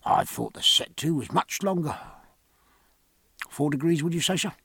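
A man's voice: fairly high pitch, fairly even intonation, fast talker, slightly rough, dry recording, clean studio sound. A man voicing a deferential ship's gunner who talks in a whisper. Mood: hushed.

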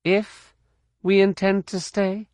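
A man's voice: sits high, little pitch movement, slow pace, a little mellow, no room sound, pitched above the performer's own voice. A man voicing a determined young woman Jedi knight in an audiobook, firm and pointed. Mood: incredulous.

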